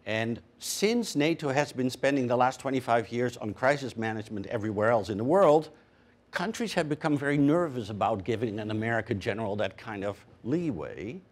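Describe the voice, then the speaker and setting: A man speaking as a panelist, measured and hesitant with frequent fillers. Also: mid-range voice, darkish tone. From Canada. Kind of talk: panel discussion answer.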